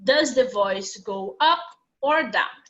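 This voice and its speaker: A woman's voice: on the high side, animated, takes it slowly, fairly bright tone, lo-fi sound. A woman teaching an English class live online, patiently explaining things step by step.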